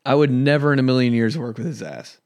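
A young man from Indiana rambles through crude, profane stories as a solo podcast host. His voice sits at an ordinary middle pitch. It is recorded close on a podcast mic with a dry, dead sound. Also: quick pace, darkish tone, no room sound. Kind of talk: casual solo podcast chat.

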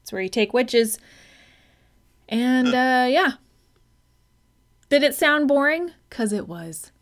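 A woman's voice: high voice, animated, slow. A woman co-hosting a casual film review podcast, wry and irritated, swearing often. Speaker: podcast co-host.

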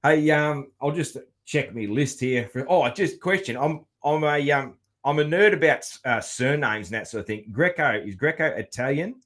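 A man's voice: a little high, animated, normal speed, few pauses, fairly bright tone. A man with an Australian accent hosting a casual podcast chat, laid-back and loose-tongued, swearing casually and padding his talk with fillers. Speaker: podcast host.

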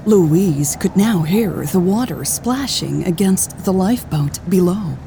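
A woman narrating an audiobook and hosting its podcast in a measured, even storytelling voice. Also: fairly low pitch, a little hiss or hum. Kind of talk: scripted narration.

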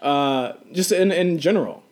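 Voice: mid-range voice, a little slow, a little mellow. A podcast host leading a casual movie discussion and steering to new topics.

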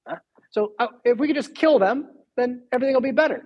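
A man voicing a scheming, flattering male royal official who coaxes a king, talking in a wheedling, persuasive way with a slightly husky voice. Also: very high voice, fast talker, dull audio, pitched above the performer's own voice.

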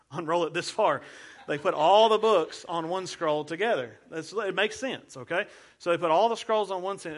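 A man, a pastor giving a playful teaching sermon, walking listeners through memory cues. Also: a little high. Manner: playful, explains with hand gestures and repeated cues.

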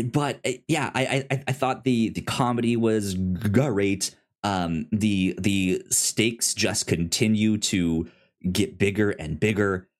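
A man co-hosting a podcast in casual chat, retelling scenes animatedly with frequent stammers and restarts. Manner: animated retelling, quotes characters in high excited voices. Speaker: podcast co-host.

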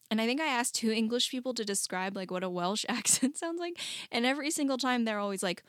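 A young woman with a light Southern US accent, mid-pitched and animated as she tells stories. Her playful chat sounds close and dry, with no room around it. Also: fast, dry recording. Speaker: podcast co-host. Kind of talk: casual podcast chat.

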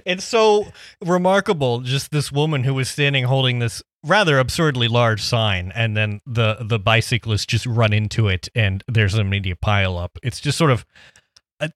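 A man's voice: mid-range voice, moderate pace, fairly bright tone, no echo, studio quality. A man co-hosting a casual comedy podcast, sarcastic and wry, often reading quotes aloud in a mocking tone. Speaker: podcast co-host.

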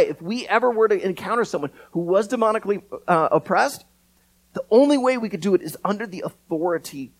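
Man, pastor, sermon, lively rise and fall, repeats words, earnest. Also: high-pitched, poor audio. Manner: animated preaching with repeated words and acted quotes.

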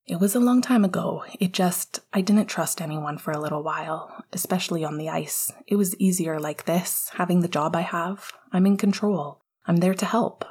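A woman voicing a calm, steady young man, a former hockey player, speaking gently and often in a whisper. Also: on the low side, moderate pace, hardly any pauses, husky. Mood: wistful.

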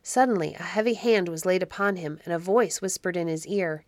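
A woman narrating a classic children's story in a measured, expressive reading. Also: lowish voice, no room sound. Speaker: audiobook narrator.

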